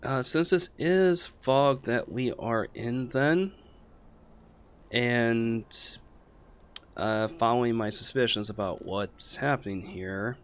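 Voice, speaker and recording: A man's voice: medium pitch, takes it slowly, fairly bright tone, clean tone. A man playing in a tabletop game, thinking aloud hesitantly with many fillers while he plans his move. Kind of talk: casual game table chat.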